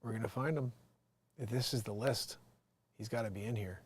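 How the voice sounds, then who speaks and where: A man hosting a casual livestream, talking to himself as he searches, drifting from low muttered asides to bursts of excited shouting. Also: normal speed, slightly rough, no echo. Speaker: livestream host.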